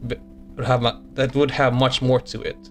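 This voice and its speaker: A man reading the lines of a game figure, the creator's stand-in, who addresses the player calmly and cryptically. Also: medium pitch, normal speed, soft background music, close to an everyday voice. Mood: calm, cryptic. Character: game's male creator stand-in speaking to player.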